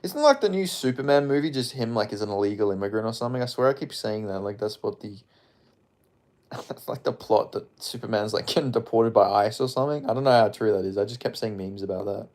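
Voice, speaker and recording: A man's voice: fairly low pitch, fast talker, a little mellow. A man streaming casually, rambling and swearing as he reads out viewer comments. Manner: rambling, frequent profanity, offhand. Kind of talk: casual livestream chat, reading comments aloud.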